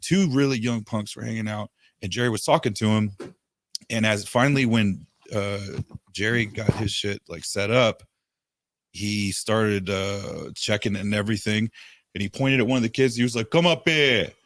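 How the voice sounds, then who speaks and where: A man's voice: lowish voice, no room sound, clean studio sound. Profane rambling storyteller man. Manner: rambling, profane, does quick impressions of people in stories. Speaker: podcast host. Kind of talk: casual storytelling chat.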